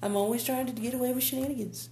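A woman's voice: fairly high pitch, racing, echoey room, a little hiss or hum. A woman co-hosting a podcast, chatting casually, ranting with lots of cursing and laughter. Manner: animated ranting, curses freely, laughs often. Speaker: podcast co-host. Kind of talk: casual chat.

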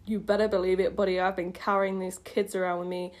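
A woman's voice: fairly low pitch, level tone, fast, natural voice. A woman reading as a tired pregnant vampire woman. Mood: weary teasing.

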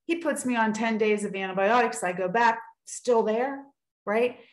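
Over a video call, a woman earnestly tells a personal faith story in casual conversation, acting out what people said to her. Her voice is a little high at a normal pace, and the recording is rough with a roomy sound.

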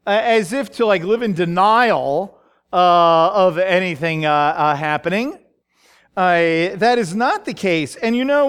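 A man preaching a sermon with a high, clear and smooth voice. He talks slowly and thoughtfully, stopping often for fillers and restarts and checking in with "right?". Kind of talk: sermon teaching on a psalm.

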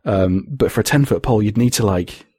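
A man with a husky voice, chatting casually on a podcast in a rambling, sweary way. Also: fairly low pitch, brisk, warm tone, no echo, studio quality. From Britain. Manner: rambling, sweary, laughs often. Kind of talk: casual chat.

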